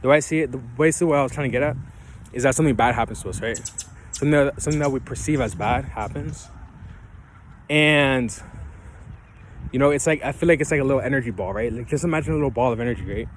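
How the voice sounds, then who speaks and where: A man talks straight to the camera outdoors in a mid-pitched voice, giving loose, rambling life advice. He keeps checking in with his viewers. Faint passing cars and street noise sit in the background. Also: fast talker. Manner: loose and rambling, keeps asking "right?" and "you feel me?". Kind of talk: casual motivational talk to camera. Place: outdoors, ground with leaves.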